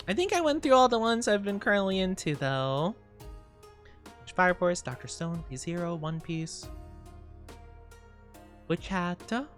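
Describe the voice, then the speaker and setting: A woman's voice: on the low side, expressive, a little slow, pauses often, soft background music. A young woman streamer chatting casually with her viewers, rambling and giggling often.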